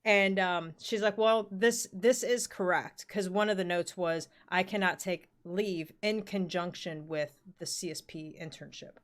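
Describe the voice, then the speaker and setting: A woman's voice: fairly low pitch, fairly even intonation, measured pace, few pauses. A woman in her forties telling a rambling work story in casual chat, full of fillers and the odd swear word. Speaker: podcast co-host.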